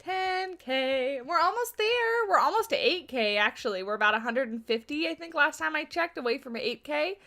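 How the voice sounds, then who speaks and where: Woman, livestream host, casual chat, laughs a lot, slightly high voice, very bright tone. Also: expressive, moderate pace, creaky, few pauses. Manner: chatty, laughs often, answers chat questions aloud. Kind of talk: casual livestream chat while building in a game.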